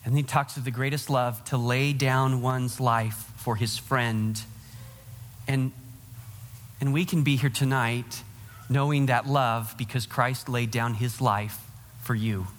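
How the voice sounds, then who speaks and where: A man's voice: medium pitch, steady tone, takes it slowly, a bit bright, long reverb tail. A man preaching a sermon to his congregation, earnest and direct, speaking to them as their pastor.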